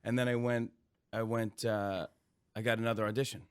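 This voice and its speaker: A male comedian guest telling stories casually, animated and laughing, acting out quotes. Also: fairly low pitch, moderate pace, clear, resonant tone, no room sound, clean studio sound. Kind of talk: casual storytelling.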